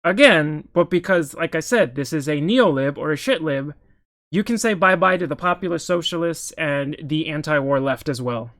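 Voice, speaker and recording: A man with a notably high-pitched voice delivers casual political commentary, reacting to news pieces. He talks in an opinionated, heated way and keeps breaking off to restart his sentences. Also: normal speed, fairly bright tone.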